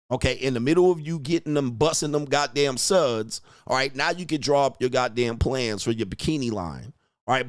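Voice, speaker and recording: On his livestream, a coach who advises on relationships launches into a crude, derisive, forceful rant and laughs at his own jokes. The recording is dry and clean, studio-grade, and his pitch is medium.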